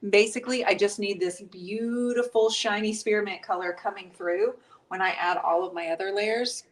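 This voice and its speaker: A woman's voice: mid-range voice, steady tone, moderate pace. A middle-aged woman hosting a casual live-stream painting tutorial, chatty and upbeat as she jokes with her husband. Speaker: host and paint instructor.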